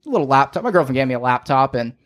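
A man's voice: medium pitch, very animated, a bit bright. A man in his twenties, a band member guest on a podcast, easygoing and swearing freely. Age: 20s. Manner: easygoing, swears a lot, quick to agree. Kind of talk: casual interview chat.

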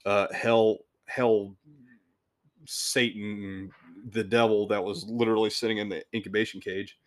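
A man's voice: fairly low pitch, flat delivery, unhurried. A man hosting a podcast, telling a work story in a casual, rambling way with swearing, restarts and chuckles.

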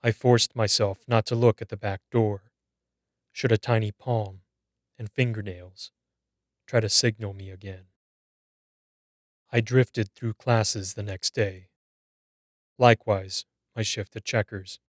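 Slow, low-voiced male horror narrator. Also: fairly even intonation, no room sound, studio quality. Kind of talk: scripted horror story narration.

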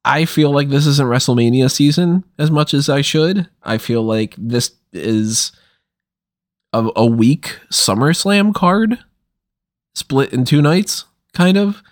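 A man's voice: mid-range voice, slow pace, no echo, studio quality. A man hosting a casual podcast chat while a little under the weather, talking in a wry, deflated, complaining way. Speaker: podcast host.

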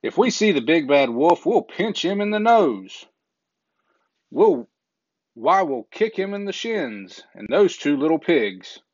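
A man's voice: on the high side, big pitch swings, takes it slowly, a little mellow, no room sound, pitched above the performer's own voice, exaggerated voice. A man voicing two carefree, lazy little male pigs in a storybook reading, boastful and cheeky. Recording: dull lo-fi recording.

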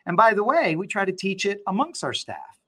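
Middle-aged man, interview guest, animated storyteller, bright forceful tone, slightly high voice. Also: fairly quick. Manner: animated storyteller, acts out quoted dialogue. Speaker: law firm owner, guest. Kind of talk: conversational interview.

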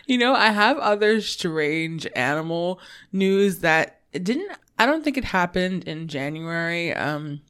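New woman co-host, slightly low voice, faint lisp from braces, laughs a lot while telling stories. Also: measured pace, smooth. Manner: laughs often, animated storytelling. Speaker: podcast co-host. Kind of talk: casual chat.

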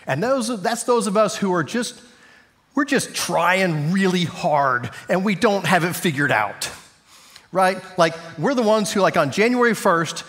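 A man's voice: sits high, fairly bright tone, big-room sound. A man preaching as a pastor in a church, with a casual, joking, conversational manner. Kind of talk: sermon. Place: church sanctuary.

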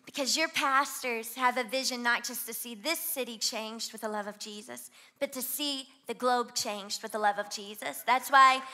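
A young woman from Louisiana with a Southern twang, preaching an energetic sermon as guest pastor and urging the congregation to join in. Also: a little high, normal speed, hardly any pauses. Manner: energetic, exhorts the crowd to shout along. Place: church auditorium.

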